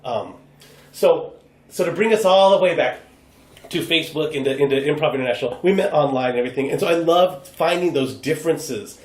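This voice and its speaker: A man's voice: on the high side, brisk. An American man, a guest improv performer, chatting casually on a podcast and acting out quoted voices as he tells stories. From United States. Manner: animated, acts out quoted voices. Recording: roomy echo.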